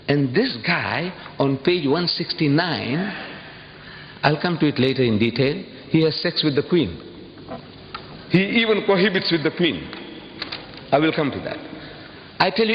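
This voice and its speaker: A man with a fairly high, very lively voice lectures with great emphasis, jumping up in sudden high bursts. He throws rhetorical questions at the crowd. The old recording is dull, with a long hall echo and a faint hiss. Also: moderate pace. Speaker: public lecturer. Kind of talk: impassioned public lecture.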